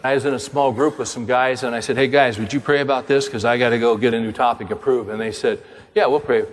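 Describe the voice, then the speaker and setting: An older man delivers a sermon as an animated storyteller, slipping into the voices of the people in his story. His voice sits at a middle pitch and carries a long hall reverb. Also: quick pace. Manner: animated storyteller acting out dialogue. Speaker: pastor and author.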